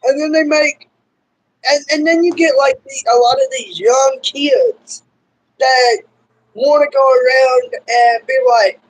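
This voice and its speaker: A man's voice: extremely high pitch, a little slow, low-quality recording. Rambling young Kentucky man. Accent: Southern US, Kentucky. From Kentucky, US South. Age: young adult. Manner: rambling, full of "like" and "y'all". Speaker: interviewer, show host. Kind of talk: casual conversational interview.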